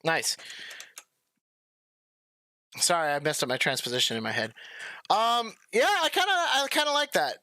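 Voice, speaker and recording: A young man hosting a live music-arranging stream, relaxed and chatty, laughing easily and rambling a little. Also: a little high, moderate pace, pauses often. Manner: rambling, with many restarts. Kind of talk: casual live-stream chat.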